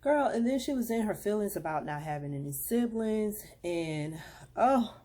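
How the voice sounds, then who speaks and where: A woman's voice: medium pitch, expressive, normal speed, mellow. A woman in her thirties from Atlanta, chatting to her viewers like a friend and confiding about her daughter. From Atlanta, Georgia. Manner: chatty, confiding, calls viewers "girl" and "y'all". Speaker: vlogger and mom. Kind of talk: casual chat to camera.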